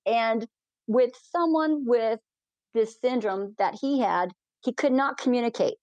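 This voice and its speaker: A woman's voice: a little high, unhurried, no room sound, lo-fi sound. A woman, a balloon pilot, telling a story as an interview guest and acting out the people in it. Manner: animated, acts out the people in her stories. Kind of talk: storytelling in a conversation.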